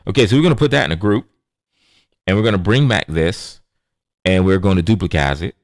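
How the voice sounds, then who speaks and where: A man hosting a casual digital drawing tutorial, playful and chatty, calling out viewers as y'all and tossing in sound-effect words like boom. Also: lively intonation, brisk, no room sound, clean studio sound. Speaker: digital art tutorial host.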